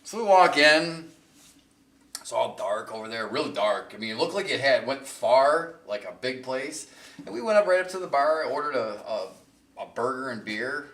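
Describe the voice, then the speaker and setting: A man's voice: mid-range voice, expressive, moderate pace, a bit bright, reverberant, distant mic. Profane rambling man telling stories. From Michigan. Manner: rambling, profane, laughs a lot. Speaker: podcast host. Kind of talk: casual storytelling chat.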